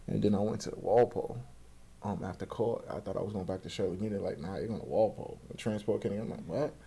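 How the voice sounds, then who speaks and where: A man's voice: lowish voice, quick pace, creaky, breathy edge. A young man telling his life story as a guest in a casual interview, acting out quoted voices and swearing freely. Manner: animated, acts out quoted voices, profane street slang.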